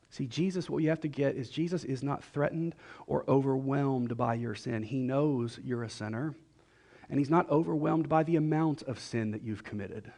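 A man's voice: mid-range voice, creaky, mellow. A middle-aged man preaching a sermon in a church, conversational and joking, now and then voicing the people in his stories. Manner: conversational and joking, with quick voiced asides. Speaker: pastor.

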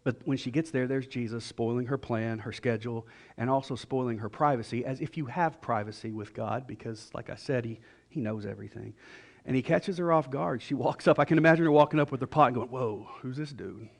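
A middle-aged man preaches in church with a medium-pitched, creaky voice. As pastor, he jokes and chats conversationally, tossing in quick voiced asides for the people in his stories.

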